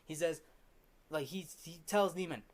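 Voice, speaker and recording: A man's voice: on the high side, moderate pace. A man hosting a casual film review, rambling through the scenes with many restarts.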